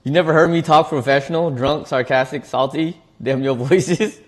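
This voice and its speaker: A man's voice: fairly high pitch, normal speed. A man streaming, chatting casually while he eats, laid-back and slangy, often repeating his words. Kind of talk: casual chat while eating.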